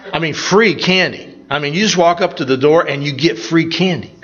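A man's voice: fairly high pitch, moderate pace, a bit bright. An older man, a pastor, giving an informal sermon full of personal stories, telling them in a folksy, rambling way with many restarts. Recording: slightly dull, lo-fi sound.

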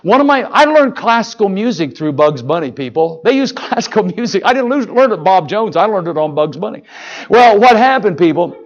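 An older male pastor delivers a folksy sermon in a church, his voice pitched high for a man. He jokes and keeps asking the congregation questions. The recording is dull and lo-fi. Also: sing-song, fairly quick.

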